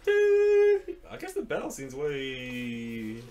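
A man's voice: mid-range voice, wildly swooping pitch, slow, dark tone. A young man casually reading a fantasy novel aloud to a friend, playfully hamming up the dramatic lines.

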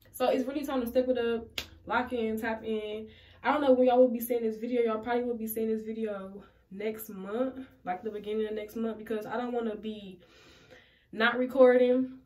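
Rambling, slangy young woman vlogger. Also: a little high. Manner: rambling, slangy, swears freely, talks straight to viewers. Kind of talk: casual vlog talk to camera.

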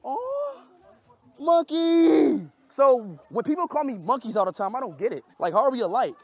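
A young man streaming a casual vlog, talking in loud, excitable bursts. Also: very high-pitched, fairly quick, dry recording, highs cut off. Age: young adult.

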